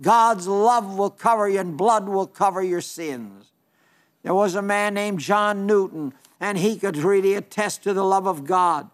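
Older male preacher, high-pitched, earnest and emphatic, slows down to stress key lines. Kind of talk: sermon.

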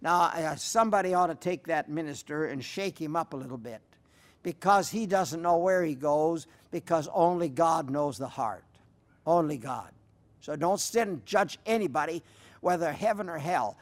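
A man's voice: on the high side, lively intonation, normal speed. An older man preaching a folksy sermon, telling stories with emphatic repetition and answering listener letters. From rural sheep-raising upbringing. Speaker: radio preacher.

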